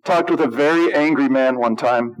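A male pastor giving an animated, emphatic sermon, with humor and acted-out quotes. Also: mid-range voice, normal speed, rough recording.

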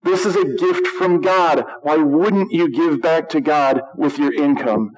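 High-voiced, emphatic male pastor preaching. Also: a little slow, low-quality recording. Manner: animated, emphatic, with acted-out quotes and humor. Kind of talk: sermon.

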